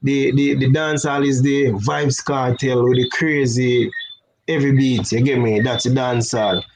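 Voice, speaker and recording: A man's voice: mid-range voice, fairly even intonation, moderate pace, darkish tone, low-quality recording. Jamaican man chatting on a live stream. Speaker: guest. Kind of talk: casual chat.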